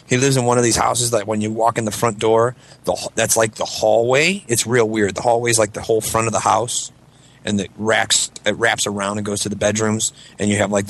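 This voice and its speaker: Lowish man rambling through a story. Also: a bit bright. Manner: rambling storyteller, lots of fillers. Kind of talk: casual chat.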